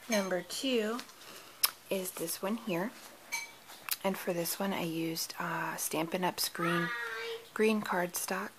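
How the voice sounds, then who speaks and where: Slow chatty woman showing her cards, lowish voice, noisy home recording. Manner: chatty, stumbles over names, quick apologies. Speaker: card-making crafter. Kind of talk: casual craft show-and-tell.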